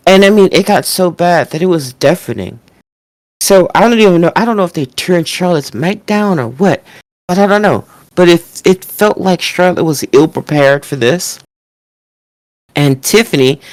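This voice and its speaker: A woman's voice: fairly low pitch, dry recording. A woman co-hosting a wrestling podcast, ranting casually with lots of swearing and mocking impressions. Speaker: podcast co-host.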